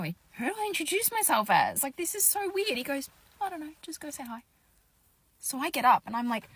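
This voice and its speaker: A young woman casually telling a dating storytime, animated and exasperated, with loud outbursts and confiding asides. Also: on the high side, dry recording.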